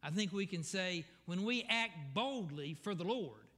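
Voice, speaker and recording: Bright-voiced male pastor preaching. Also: high-pitched, animated, unhurried. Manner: folksy, digressive, self-correcting. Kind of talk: sermon. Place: church sanctuary. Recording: long reverb of a church hall.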